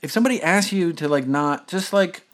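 A man telling a casual story on a podcast, rambling with lots of fillers and animated retellings. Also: high voice, brisk. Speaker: podcast host.

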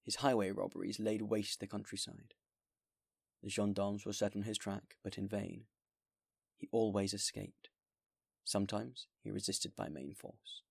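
A man hosting a podcast and reading a classic novel aloud in a steady, measured way. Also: fairly low pitch, creaky, breathy edge, no echo, studio quality. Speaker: podcast host and reader.

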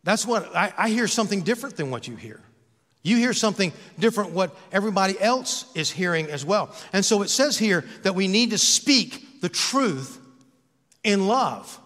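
A man's voice: sits high, lively intonation, moderate pace, a bit bright, in a large hall. A man preaching a sermon as pastor, in a conversational, joking way with self-mocking asides, recorded in a church sanctuary.

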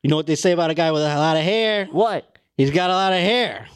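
A man's voice: fairly high pitch, smooth, pitched above the performer's own voice, close to an everyday voice. A man voicing a brash, hot-tempered Italian-style tough guy who swears and rants. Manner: swearing, shouting, drawn-out ranting.

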